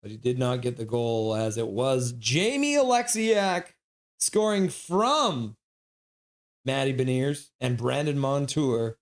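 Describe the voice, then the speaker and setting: A stream host calling hockey play-by-play live in an excitable manner, reading chat between quick calls. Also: medium pitch.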